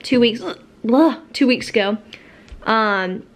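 A woman's voice: on the high side, takes it slowly. A young woman vlogging casually, rambling with many fillers and restarts, while she has the hiccups. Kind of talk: casual vlog chat.

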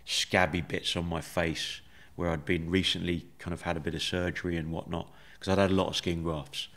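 A man, a podcast guest, telling his story in a measured, reflective way with many fillers. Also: low-pitched, flat delivery, fairly bright tone. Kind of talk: conversational storytelling.

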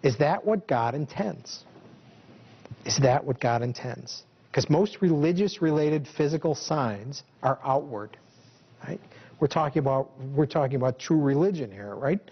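A man's voice: fairly high pitch, animated, unhurried, husky, highs cut off. A male preacher giving a conversational sermon to his congregation, full of rhetorical questions. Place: church hall.

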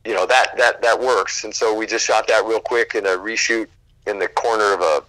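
A man, a guest actor, telling animated stories from film sets in a casual interview and acting out quotes, swearing freely. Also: on the low side, moderate pace, dry recording, rough recording.

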